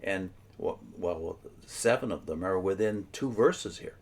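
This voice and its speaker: A man's voice: low voice, unhurried. A man co-host explaining a Bible passage earnestly and emphatically, often restarting his sentences. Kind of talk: explanatory religious discussion.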